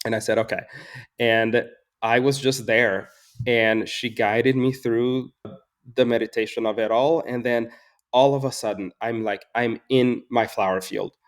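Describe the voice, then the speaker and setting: A man's voice: mid-range voice, fairly even intonation, unhurried. A man in his forties, a flower farmer and floral designer, telling personal stories in a casual interview with an earnest, reflective manner, acting out dialogue and laughing often. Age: 40s.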